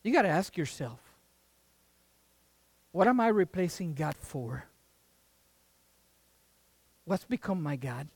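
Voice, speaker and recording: An emphatic preacher with a lively voice. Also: mid-range voice, slow, long pauses, breathy edge, no echo. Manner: emphatic, rhetorical questions, folksy interjections. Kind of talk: sermon.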